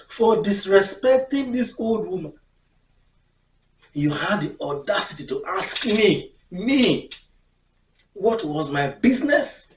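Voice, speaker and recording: A woman telling a personal story in an expressive way, laughing often and acting out the scenes. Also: mid-range voice, takes it slowly, long pauses, a little hiss or hum. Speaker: storyteller vlogger. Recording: echoey room, mic far off.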